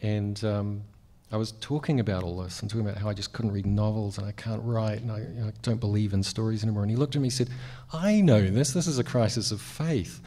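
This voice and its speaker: A man's voice: on the low side, little pitch movement, fast, few pauses, warm tone. A man with a New Zealand accent, a cartoonist chatting on a convention panel in a wry, self-deprecating way with lots of fillers.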